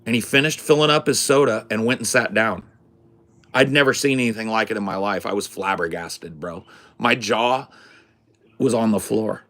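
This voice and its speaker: A man telling a story in a casual, animated, profane way as a podcast host. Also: on the low side, normal speed. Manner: animated, profane, swears freely.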